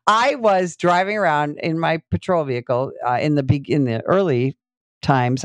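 A middle-aged woman, a police sergeant telling stories as an interview guest, animated and full of fillers. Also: on the low side, dry recording. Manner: animated storyteller, many fillers, acts out quotes. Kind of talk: casual storytelling interview.

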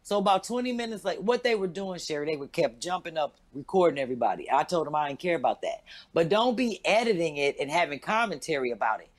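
A woman in her fifties, a stand-up comedian, telling a story in a loud, profane, animated way and acting out every quote. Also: fast. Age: 50s. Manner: loud, profane, acts out quotes with big pitch jumps.

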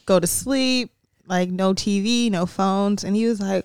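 A woman's voice: medium pitch, measured pace, darkish tone, clear, resonant tone, no room sound, studio quality. A pregnant young woman co-hosting a podcast, chatting candidly about her week and laughing often. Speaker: podcast co-host. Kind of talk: casual chat.

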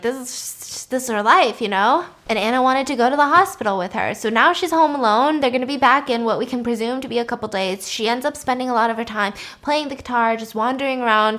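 A woman casually recapping a story in an animated, chatty way, laughing now and then. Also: fairly high pitch, fairly quick, few pauses.

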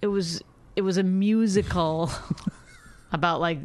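A woman co-hosting a podcast, teasing her husband in casual banter and mocking him with quick impressions. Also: on the low side, steady tone. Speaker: podcast co-host. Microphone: studio microphone.

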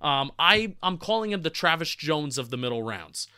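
Bright, dry-voiced man with a Jersey accent. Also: on the high side, big pitch swings, moderate pace, smooth, no room sound. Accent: New Jersey. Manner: chatty, restarts words, laughs at own slips. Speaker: co-host of a football draft podcast. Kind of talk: casual sports analysis chat.

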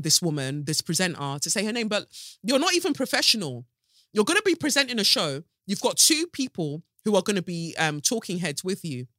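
This podcast host speaks from her home sofa in a fairly low, bright, forceful voice. Her casual commentary comes across as an emphatic, sassy monologue, and the recording is clean studio quality with no audible room.

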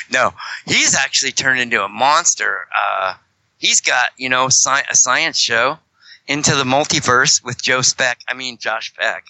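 A man's voice: mid-range voice, expressive, a little slow, vocal fry, sharp tone, no echo, poor audio. A man chatting as a guest on a podcast, rambling and joking, with many self-corrections. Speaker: guest, fellow fringe Christian show host. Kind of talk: casual podcast chat.

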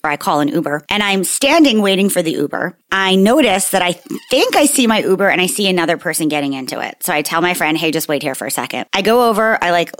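A woman in her thirties from New York, co-hosting a casual chat and telling stories with lots of swearing. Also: fairly low pitch. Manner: profane, animated storytelling. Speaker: podcast co-host.

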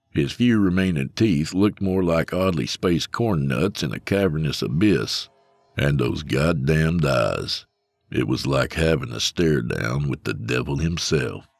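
Deep-voiced male audiobook narrator. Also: creaky, no echo. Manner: dry, profane storytelling. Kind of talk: scripted narration.

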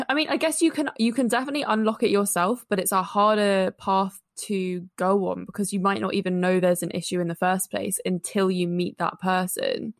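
A woman's voice: mid-range voice, steady tone, normal speed, vocal fry, dry recording. Musing young woman, dry sound. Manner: musing, thinks aloud with many likes. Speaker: podcast co-host. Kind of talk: conversational podcast interview.

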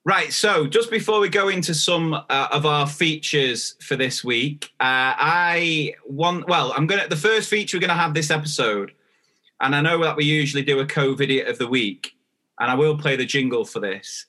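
Bright-voiced man chatting casually. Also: on the high side. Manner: rambling, chatty, lots of fillers and restarts, quick to laugh. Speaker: podcast co-host, teacher. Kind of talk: casual chat.

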